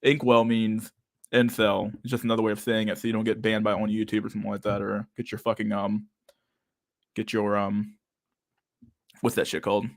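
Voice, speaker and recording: Reading out messages from his chat, a young livestream host talks casually, lisping, stuttering, and filling gaps with many fillers. He speaks briskly in a fairly low, completely flat voice, pausing often. The audio is studio quality with no echo.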